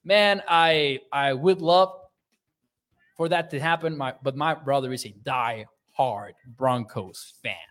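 A young man hosts a sports livestream, taking it slowly as he reads viewer comments aloud in a cheerful, chatty manner, laughing often. His medium-pitched voice has a fairly bright tone.

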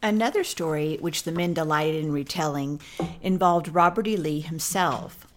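A woman with a somewhat low voice narrates history from a script. She tells the story in an even, steady delivery. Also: moderate pace. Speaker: podcast co-host.

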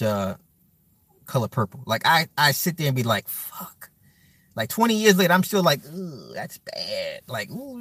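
A man ranting live to his viewers in a blunt, profane, rambling way, stumbling over repeated words. His voice sits at an ordinary pitch for a man. It is recorded close and dry, with almost no room sound. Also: dry recording. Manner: thanks and answers viewers between rants. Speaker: livestream host talking to chat. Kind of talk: casual profane rant.

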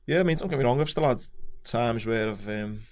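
A man with a Scouse accent, a former Marine and podcast guest, telling his story frankly with dark humour in casual chat. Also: medium pitch, expressive, fairly quick.

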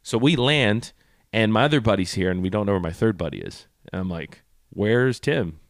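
A man's voice: on the low side, animated, fairly quick, no echo, clean studio sound. A man co-hosting a podcast, animatedly telling a story and acting out the people in it. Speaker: podcast co-host. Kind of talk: casual chat.

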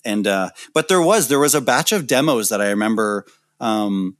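A man in his thirties, a musician telling stories in a casual interview, lively and acting out the people he quotes. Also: on the low side, normal speed, dry recording. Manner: animated storyteller, acts out quoted voices. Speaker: musician guest.

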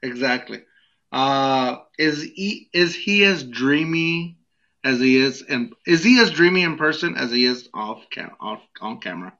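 A man's voice: medium pitch, animated, unhurried, sharp tone, dull audio. A man co-hosting a podcast in casual chat, laid-back and hesitant, often laughing. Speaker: podcast co-host.

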